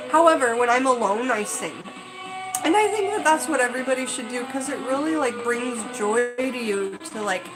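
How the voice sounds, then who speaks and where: A woman's voice: a little high, poor audio. A woman chatting casually on a live stream, rambling with lots of fillers. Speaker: livestream host.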